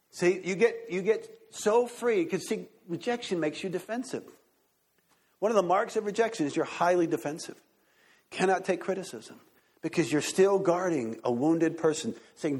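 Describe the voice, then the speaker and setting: Excited, husky-voiced preacher man. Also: sits high, moderate pace. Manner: excited, animated preaching with congregation asides. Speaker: pastor. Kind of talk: sermon.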